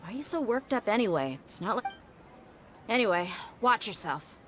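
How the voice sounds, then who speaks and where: Blunt young hired guard. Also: female voice, on the high side, big pitch swings, normal speed, a bit bright, a little hiss or hum. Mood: brusque. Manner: brusque, blunt. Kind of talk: video game dialogue.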